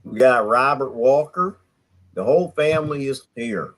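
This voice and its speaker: A man's voice: medium pitch, normal speed, slight background noise, rough recording. A man hosting a casual online group chat, playful and jokey. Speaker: host.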